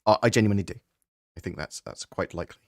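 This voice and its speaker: A man with a lowish voice, chatting through viewer questions on a live stream. He keeps it relaxed and conversational and thinks out loud before he lands on an answer. The sound is dry and close, with no room around it. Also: quick pace, dry recording.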